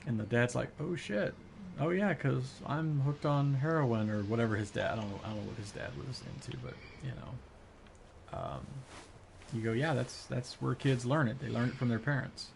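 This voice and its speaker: A man talks casually to his chat while he plays, rambling along with plenty of fillers and restarts. His voice sits at an ordinary middle pitch. A faint noise hums behind him. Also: fairly even intonation, normal speed, gravelly. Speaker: live streamer.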